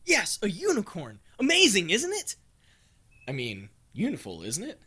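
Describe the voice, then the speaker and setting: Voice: mid-range voice, sing-song, normal speed, fairly bright tone. A performer voicing a zealous male centaur cult follower, preachy and gushing, prone to sudden outbursts in a comedy audio drama. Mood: fervent.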